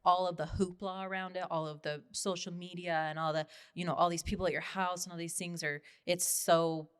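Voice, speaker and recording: A woman in her thirties, a podcast guest, talking in casual conversation in an emphatic, animated way. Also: lowish voice, brisk, clear, resonant tone. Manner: emphatic and animated, frequent "oh yeah" affirmations.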